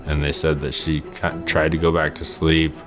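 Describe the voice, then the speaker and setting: Very deep flat-voiced young man. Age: young adult. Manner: halting, with restarts and fillers. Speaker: father interviewed in documentary. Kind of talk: emotional personal recollection. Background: faint music.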